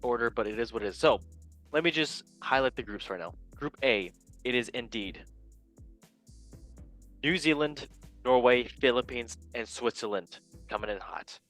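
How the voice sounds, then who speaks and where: Guy hosting a sports podcast, goofy and playful, normal pitch, faint music under it. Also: lively intonation, moderate pace, pauses often. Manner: goofy, playful, jumps between loud and quiet. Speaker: podcast host. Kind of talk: casual sports show banter.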